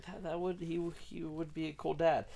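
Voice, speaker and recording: A man's voice: a little high, flat delivery, moderate pace, creaky, dark tone. A man co-hosting a podcast in casual chat, correcting and explaining things. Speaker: podcast co-host.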